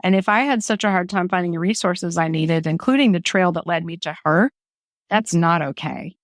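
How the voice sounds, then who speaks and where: A woman's voice: fairly low pitch, a little fast, no room sound, studio quality. A woman guest, talking openly and emotionally about her grief and the start of her project, laughing often as she speaks. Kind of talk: candid conversational storytelling.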